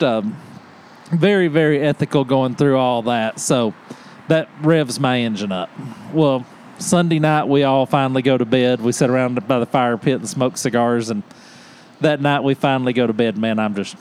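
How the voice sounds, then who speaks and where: A man on a podcast telling a hunting story in casual chat, animated and laughing often as he acts out what people said. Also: mid-range voice, normal speed, a little hiss or hum. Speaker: podcast host.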